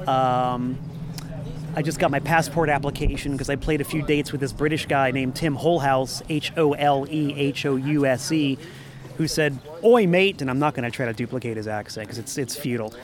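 A man's voice: mid-range voice, fairly even intonation, moderate pace, crowd noise. A man, a musician and former record store owner, talking in a rambling, upbeat way in a casual interview in a parking lot. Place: parking lot outside a venue.

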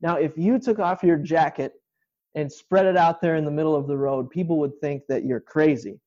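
A man's voice: on the high side, moderate pace, darkish tone, lo-fi sound. A male pastor giving an informal online sermon from a home kitchen, explaining scripture in a conversational way.

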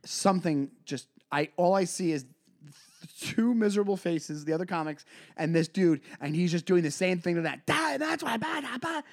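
A man, co-hosting a podcast and telling a story in casual chat, acting out other people in high voices. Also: moderate pace, a little mellow. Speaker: podcast co-host, comedian.

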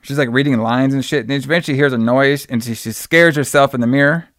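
A man's voice: mid-range voice, fast talker, a bit bright, dry recording, studio quality. A man casually retelling a movie plot, rambling with fillers and restarts. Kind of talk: casual movie recap chat.

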